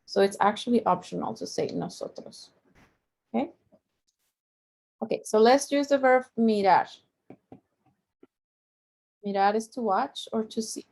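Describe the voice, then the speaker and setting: Slow, gravelly-voiced woman teaching Spanish. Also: on the high side, a little mellow. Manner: explains slowly, drawing out Spanish example words; patient, repeats each point. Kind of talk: language lesson.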